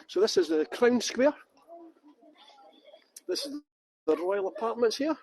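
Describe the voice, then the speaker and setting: On a live-streamed walking tour through castle grounds, a tour guide from England with a Scottish accent jokes and chats with viewers via a handheld phone. His very high voice swings widely in pitch, with a darkish tone and a measured pace. The audio is poor, with slight background noise.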